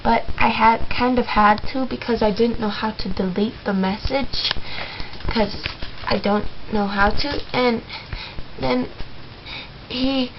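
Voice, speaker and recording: A woman's voice: on the high side, steady tone, slow pace, pauses often, highs cut off, background noise. A woman playing a naive, chatty fourteen-year-old girl in a character vlog, rambling and giggly, full of "like".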